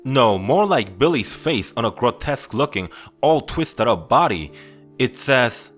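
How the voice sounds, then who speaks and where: A man reading first-person scary stories aloud in a steady, grim, confessional storytelling manner. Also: mid-range voice, measured pace, soft background music.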